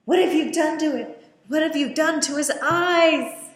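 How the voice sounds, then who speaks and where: A desperate young mother cries out in a shrill, pleading voice, terrified and cornered, as a woman commenting on a film puts her on. The words come out slowly and drawn out, and the room around her is roomy and echoing. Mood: frantic.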